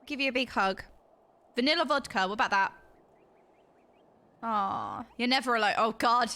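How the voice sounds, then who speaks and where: Over background music, this young gamer chats with livestream viewers, bubbly and giggly, reacting to what they type. She speaks at a moderate pace in a fairly high voice that sounds pushed and bright.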